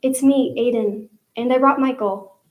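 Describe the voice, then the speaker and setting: A woman's voice: high-pitched, steady tone, measured pace, echoey room. A woman reading aloud and voicing a determined, protective boy, speaking steadily and urgently.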